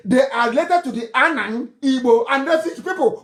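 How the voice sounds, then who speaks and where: A man's voice: extremely high pitch, moderate pace, fairly bright tone. A middle-aged Nigerian man with a Nigerian accent giving a fiery, mocking live political broadcast in a sermon-like way. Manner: fiery, mocking, insulting, laughs scornfully.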